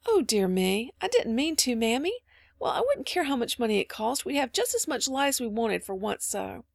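Woman doing a bustling storybook girl, exclamatory, animated, gravelly voice. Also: fairly high pitch, moderate pace, dry recording, studio quality, pitched above the performer's own voice, exaggerated voice. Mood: headstrong. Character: lively, warm-hearted eldest girl.

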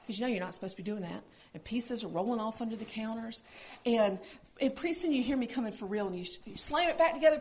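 A woman co-hosting a casual chat about parenting, telling stories in an earnest, expressive way. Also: fairly high pitch. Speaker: podcast co-host.

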